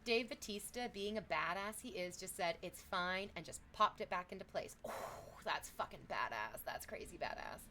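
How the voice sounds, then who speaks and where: A woman's voice: on the low side, moderate pace, few pauses. Chatty woman streamer reading chat. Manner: chatty, animated, thanks subscribers, reads chat aloud. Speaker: livestreamer. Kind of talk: casual stream chat with viewers.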